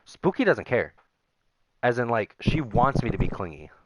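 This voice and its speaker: A man's voice: mid-range voice, big pitch swings, moderate pace, dry recording. A young man venting casually to his viewers, rambling and aggrieved as he reads out old messages. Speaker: gaming YouTuber. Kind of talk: casual vent to camera.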